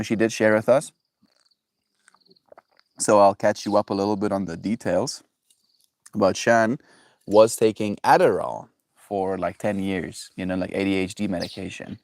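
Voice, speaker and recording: Brief: laid-back male streamer, rambling and warm to chat, lowish voice, dry close sound. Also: no room sound. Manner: rambling, loose, talks to chat, says bro. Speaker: livestream host. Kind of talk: casual livestream chat.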